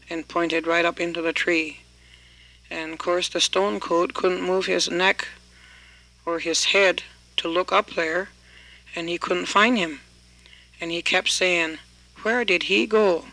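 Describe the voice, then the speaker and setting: A male storyteller relating an old folk tale in a relaxed, folksy way, filling his telling with "he says". His voice is fairly high and bright. He tells it at an easy, unhurried pace. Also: no echo, poor audio.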